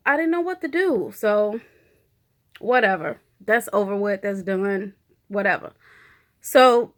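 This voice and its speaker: A woman's voice: on the high side, a bit bright. A woman giving a candid, emotional personal video update in casual, chatty speech full of fillers like "you know" and "like". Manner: chatty and candid, full of 'you know' and 'like'; emotional, talks openly through her feelings. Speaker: vlogger.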